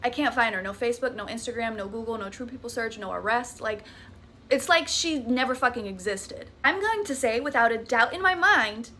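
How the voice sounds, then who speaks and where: A woman's voice: fairly high pitch, lively intonation, fairly quick, pushed and bright, a little hiss or hum. A young woman with a Southern US accent, dramatically telling a scary story in a chatty, profane, casual way. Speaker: TikTok creator.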